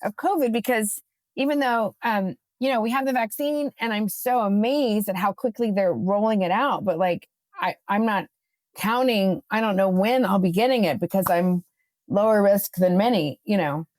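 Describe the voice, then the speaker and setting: A middle-aged woman co-hosting a casual podcast, telling a story with lively acted-out lines. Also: medium pitch, normal speed, dry recording. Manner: animated storyteller, acts out her own lines. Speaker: podcast co-host.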